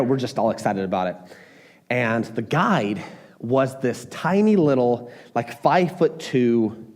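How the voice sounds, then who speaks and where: A man preaching a sermon as pastor, talking in an animated, emphatic way with frequent restarts. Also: mid-range voice.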